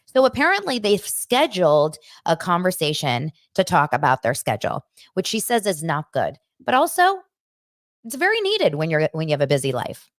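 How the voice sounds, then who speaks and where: A woman hosting a podcast, chatting in a gossipy, animated way as she recaps a reality show. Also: on the low side, normal speed, no room sound, clean studio sound. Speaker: podcast host.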